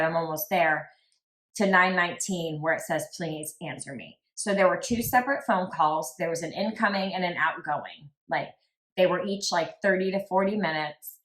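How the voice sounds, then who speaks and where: Woman, low voice, casual podcast recounting, echoey room. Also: a bit bright. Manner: reads quoted texts aloud, conversational. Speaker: true crime podcast co-host.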